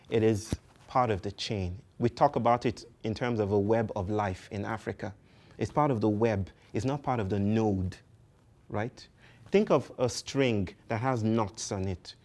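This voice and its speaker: A man's voice: on the low side, darkish tone. Poetic man giving a public talk. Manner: poetic, philosophical, emphatic with repetition. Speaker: speaker.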